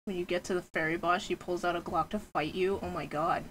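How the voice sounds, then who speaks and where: A young adult woman streaming a game in casual chat, excitable and gushing, laughing often and swearing freely. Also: on the low side, fairly quick, a little hiss or hum. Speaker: streamer playing a horror game.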